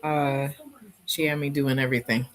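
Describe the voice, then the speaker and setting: A woman's voice: extremely low pitch, flat delivery, moderate pace, rough recording. A woman in a casual book club chat, rambling and hesitant with many fillers.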